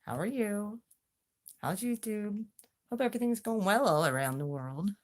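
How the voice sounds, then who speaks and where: A woman's voice: mid-range voice, lively intonation, moderate pace. A woman hosting a casual livestream chat, drawling and taunting as she dares her viewers to speak up. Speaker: YouTube livestream host.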